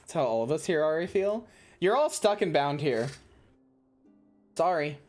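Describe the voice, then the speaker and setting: Low-voiced, playful woman streamer. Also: big pitch swings, moderate pace, a little mellow, faint music behind. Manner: playful, giggly, teasing. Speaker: VTuber streamer. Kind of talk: casual livestream chat while gaming.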